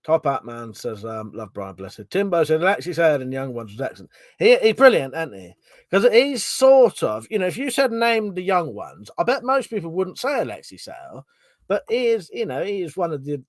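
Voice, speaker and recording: A man's voice: on the high side, huge pitch swings, brisk, no echo. A man from England, hosting a casual livestream, reading out viewer comments, laughing often and swearing casually. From southern England. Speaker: livestream host.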